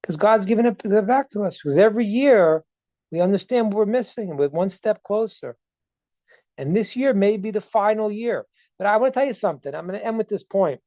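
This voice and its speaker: A man's voice: sits high, expressive, fairly quick, warm tone, no echo, highs cut off. A man teaching as a rabbi over a video call, earnest, repeating words as he builds a point and retelling stories with dialogue. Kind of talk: Zoom teaching talk.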